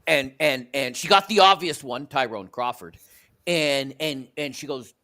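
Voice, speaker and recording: A man's voice: medium pitch, normal speed, sharp tone. A Canadian man hosting a sports podcast, telling stories in a rambling way with many fillers and restarts. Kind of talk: casual sports chat.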